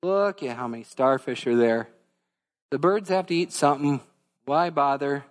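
A man's voice: mid-range voice, normal speed, in a large hall, natural voice. A man voicing a grumpy old curmudgeon who scolds and dismisses, told as a story inside a sermon. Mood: scornful.

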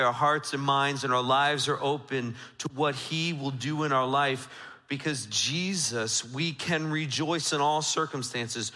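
A man preaching a sermon as pastor, moving between loud emphatic lines and hushed intimate ones. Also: mid-range voice, unhurried. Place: church sanctuary. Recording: church sanctuary with long reverb.

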